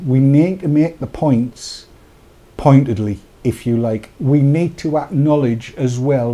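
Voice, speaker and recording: A man co-hosting a live-streamed talk show, chatty and joking with asides. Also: medium pitch. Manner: jokey, chatty, animated asides. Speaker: co-host of a vaping talk show. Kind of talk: casual live-stream chat.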